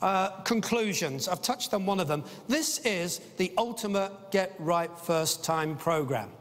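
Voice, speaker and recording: A man's voice: high-pitched, lively intonation, unhurried. A middle-aged man giving an enthusiastic, anecdotal business conference talk, with frequent "uh" fillers. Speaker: conference speaker. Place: large conference hall. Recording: long reverb of a conference hall.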